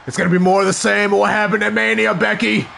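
A woman playing a video game and narrating, with loud reactive exclamations, swearing and laughter. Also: medium pitch, level tone, quick pace, creaky, slight background noise. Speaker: gaming channel host. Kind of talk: let's-play commentary.

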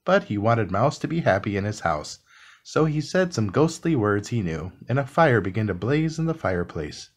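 A man reading a classic children's book aloud in a calm, soothing bedtime style. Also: fairly low pitch. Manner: slow, soothing, expressive reading. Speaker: storybook reader.

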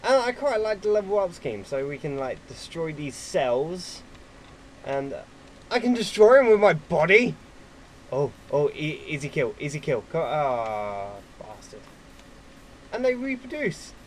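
A man giving casual gameplay commentary at his computer, excitable and quick to swear at opponents. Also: a little high, a little hiss or hum, poor audio. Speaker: gaming YouTuber.

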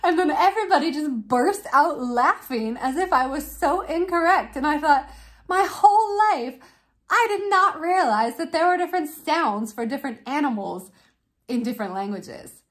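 A woman's voice: high voice, expressive, normal speed, a bit bright. A woman from Canada, casually reacting to a video for her vlog, amused and laughing often. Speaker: vlogger and parent.

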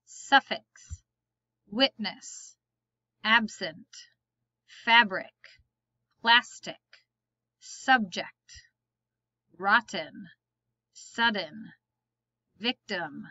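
A woman teaching reading, saying each word slowly and clearly for learners to repeat. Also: medium pitch, bright, forceful tone, dry recording, lo-fi sound. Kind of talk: slow word-list reading lesson.

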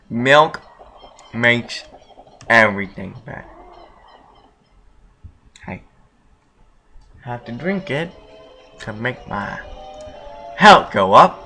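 A man's voice: medium pitch, huge pitch swings, drawn-out words, vocal fry, pauses often, pushed and bright, a little hiss or hum. A young man casually commenting on a video game he is playing, goofy and jokey, talking back to the characters. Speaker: let's play gamer. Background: game music.

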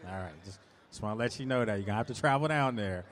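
A man's voice: on the low side, expressive, fast. A man hosting a live sports talk event in a shopping mall, speaking loosely with many restarts while running a prize drawing. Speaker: sports analyst and host.

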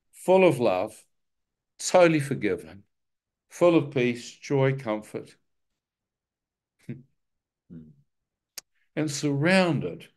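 A man sharing his personal testimony with a live church audience, telling it vividly and with self-mocking humor. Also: mid-range voice.

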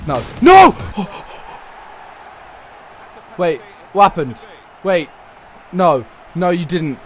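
A young man giving live commentary on his own football video game match, excitable, shouting and pleading at the game. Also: a little high, slow, a little hiss or hum. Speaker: gaming YouTuber. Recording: faint background music.

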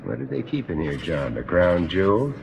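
An actor playing a curious gentleman who asks teasing, quizzical questions. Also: deep voice, sing-song, normal speed, creaky, a crowd in the background, full character voice. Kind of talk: 1970s radio drama acting.

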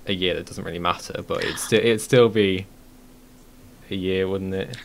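A man's voice: deep voice, normal speed, vocal fry, slight background noise. A man hosting a casual live-streamed podcast, talking with many ums and restarts. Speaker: podcast host.

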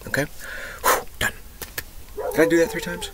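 A man from Texas talking through his memories in a rambling personal monologue, emotional and profane, drifting from loud outbursts into whispers. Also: fairly high pitch, level tone, normal speed, pauses often, slight background noise, rough recording. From Texas, USA. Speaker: vlogger.

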